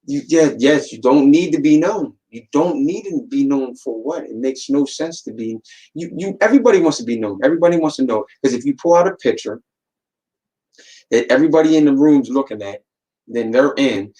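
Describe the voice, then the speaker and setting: Man, podcast host, casual motivational talk, repeats for emphasis, mid pitch. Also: animated, a little fast, mellow, low-quality recording. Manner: preachy, repeats words for emphasis, acts out quotes.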